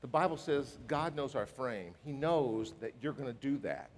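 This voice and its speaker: A man preaching a sermon as a pastor, emphatic and animated, acting out bits of dialogue. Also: medium pitch, normal speed, a little hiss or hum. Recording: reverberant hall.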